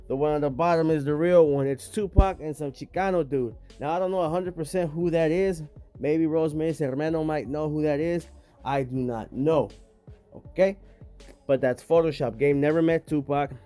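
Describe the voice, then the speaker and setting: A man's voice: a little high, mellow. A man hosting a casual vlog, talking straight to his viewers in emphatic, slangy street talk. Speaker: host.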